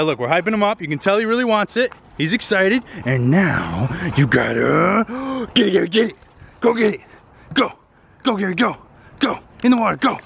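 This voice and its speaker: His voice is fairly high and a bit bright as he casually vlogs outside by a pool, playfully coaxing his dog with joking voices. The recording, made outdoors, is noisy.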